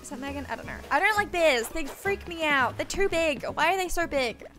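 A woman's voice: sits high, expressive, a little fast, fairly bright tone. A young woman, chatting casually on a game livestream and gasping and squealing at each new reveal. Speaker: streamer. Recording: game music playing behind.

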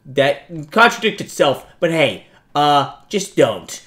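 A young man giving jokey, self-mocking let's-play commentary on a horror game, yelping and shouting at the scares. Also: fairly high pitch, very animated, slow pace. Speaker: gaming YouTuber.

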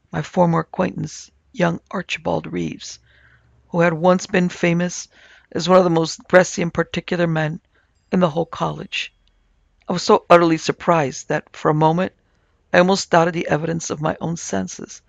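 A man narrating a supernatural tale in a measured, scripted storytelling manner. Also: a little high, vocal fry, no room sound, lo-fi sound. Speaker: narrator and producer.

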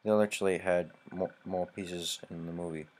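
A man from Canada commenting on a game, sarcastic and profane, shouting in frustrated bursts. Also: low-pitched, fairly even intonation, moderate pace, a little hiss or hum. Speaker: let's play host. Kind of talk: gameplay commentary.

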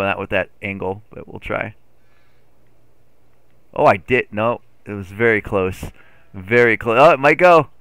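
A man streaming a farming game live, chatting playfully with his chat and getting excitable over his driving. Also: medium pitch, clean tone, dry recording. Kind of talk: live gameplay commentary.

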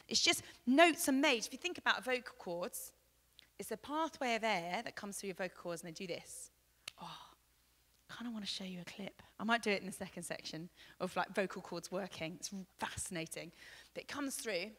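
A woman from England, teaching a live vocal masterclass, chatty and demonstrative, with loud sung demos and soft asides. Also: mid-range voice. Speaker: vocal coach. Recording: long hall reverb.

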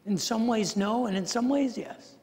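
A man's voice: high voice, moderate pace, a little mellow. An older man preaching a sermon, telling a personal story in a conversational, self-deprecating way with frequent restarts. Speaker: pastor. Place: large church sanctuary. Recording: reverberant church hall.

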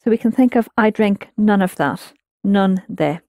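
A woman's voice: medium pitch, moderate pace, a little mellow, no echo, studio quality. Patient woman teaching a language class. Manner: patient, explanatory, prompts students. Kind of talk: guided language lesson.

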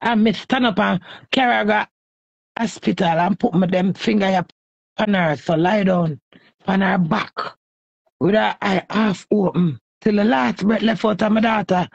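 A woman's voice: medium pitch, normal speed, vocal fry, no echo, dull audio. A woman with a Jamaican accent ranting heatedly and scolding someone in a repetitive live stream.

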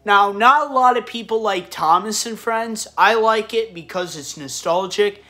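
A man's voice: sits high, unhurried, sharp tone. A man talking casually to camera as a video creator, rambling and stumbling over his words. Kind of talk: casual vlog talk.

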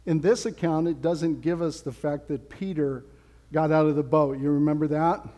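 A pastor with a warm voice on the high side preaches a sermon at a normal speed with a steady tone. He is casual and conversational, adding playful asides, and the church sanctuary gives the recording a long hall reverb.

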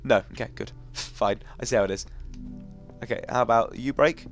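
A young man gives chatty let's-play commentary in a medium-pitched voice, coaxing the game along and grumbling when it goes wrong. He breaks into excited outbursts now and then. Faint music plays softly behind him. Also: normal speed. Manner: chatty, coaxing, easily frustrated, bursts of excitement. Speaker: gaming commentator.

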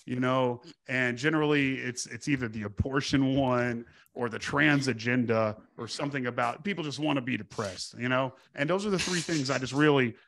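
A podcast guest from Texas, middle-aged, spins loose, profane stories, stumbling through restarts as he does the voices of the people involved. He speaks at medium pitch and a moderate pace with vocal fry and few pauses, over a slight hiss or hum.

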